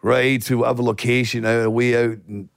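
Blunt Glasgow-accented guest with a gravelly edge, recorded dry and close. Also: male voice, mid-range voice, little pitch movement, a little fast, no echo. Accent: Scottish, Glasgow. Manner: swears a lot, blunt storytelling. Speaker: guest actor. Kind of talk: casual podcast chat.

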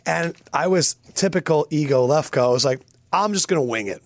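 A man's voice: fairly high pitch, animated, a little fast, dry recording, studio quality. A young man co-hosting a sports podcast, firing off curious questions and telling self-mocking stories. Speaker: podcast co-host. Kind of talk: casual sports chat.

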